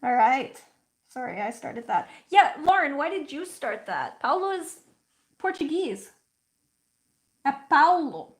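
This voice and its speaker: Brief: woman host, relaxed slow pace, chatty stream talk full of "like"s. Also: sits high. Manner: chatty, frequent "like" fillers, storytelling; slow, thoughtful explaining. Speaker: livestream host. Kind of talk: casual livestream chat.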